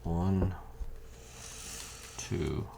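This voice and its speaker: A man's voice: deep voice, steady tone, extremely slow, gravelly, noisy background. A man in casual chat at a home game table, explaining rules step by step as he plays. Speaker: board game player. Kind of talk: casual chat while playing. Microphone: condenser mic.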